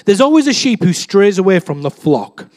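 Man, young, relaxed sermon full of stories; high voice that swoops a lot. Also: moderate pace. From England. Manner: chatty, self-deprecating, acts out quoted voices with big swings. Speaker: preacher. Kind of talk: casual sermon with storytelling.

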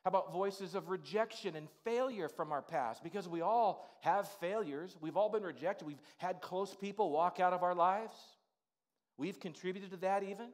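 A man's voice: high-pitched, normal speed. A male pastor delivering an informal, conversational sermon in a church sanctuary, full of "you know" asides.

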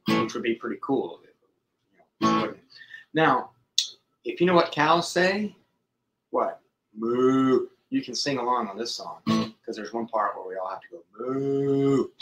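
A man's voice: mid-range voice, moderate pace, pauses often. A middle-aged man with a slightly scratchy throat, chatting playfully with children between sing-along songs. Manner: chatty and playful, sings with guitar and harmonica. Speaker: children's musician. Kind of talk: sing-along music for kids. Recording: loud guitar backing.

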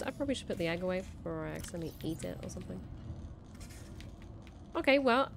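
A woman giving casual, excitable let's-play commentary, chattering to herself and to the creatures she meets. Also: fairly low pitch, fast, vocal fry, pauses often, slight background noise. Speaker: game streamer. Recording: game music under voice. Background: game music.

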